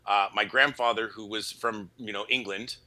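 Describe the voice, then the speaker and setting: A man from Canada, a voice actor guest, telling stories in a casual interview, playful and quick to slip into voices. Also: on the low side. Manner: animated, playful, breaks into voices.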